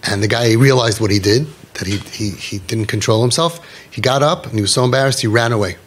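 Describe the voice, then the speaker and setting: A man's voice: mid-range voice, fairly quick, husky. A man coaching parents in an inspirational talk, telling stories and repeating key phrases with emphasis.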